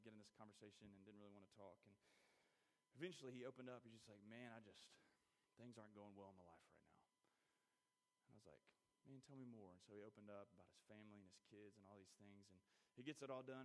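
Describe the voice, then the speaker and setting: A man's voice: fairly low pitch, fairly even intonation, fairly quick. A man preaching a sermon in a church, earnest and personal, building to emphatic peaks as he tells a story from his own life. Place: church sanctuary. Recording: long reverb in a large hall.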